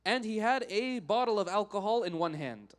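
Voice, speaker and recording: A man giving a Friday sermon, telling a story in an animated way and acting out the characters. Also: high voice, moderate pace.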